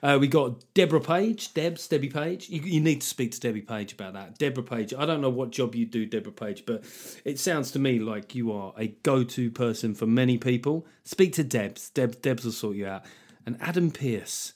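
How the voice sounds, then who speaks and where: A man's voice: mid-range voice, normal speed, darkish tone. A middle-aged man hosting a solo comedy podcast, wry and sweary, riffing with jokey asides. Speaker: podcast host.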